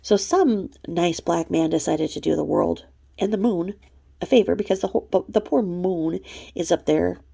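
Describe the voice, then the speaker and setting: A woman's voice: on the low side, moderate pace, creaky, dark tone, slightly rough. A woman hosting snarky gossip commentary, profane, mocking and blunt. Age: adult mother. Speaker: commentary channel host.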